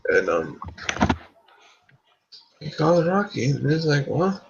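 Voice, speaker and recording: A man with a fairly high, gravelly voice recapping a film in a laid-back chat. He swears easily and chuckles at the funny parts. The sound is dull and lo-fi. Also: very animated, slow. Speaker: movie review co-host. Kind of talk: casual movie review chat. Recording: dull lo-fi recording.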